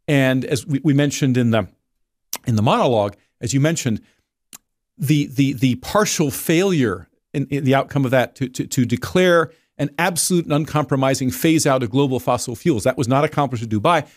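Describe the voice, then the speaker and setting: A man's voice: mid-range voice, moderate pace, no echo, clean studio sound. A man speaking as a guest editor in a casual discussion, digressive and often repeating words as he restarts.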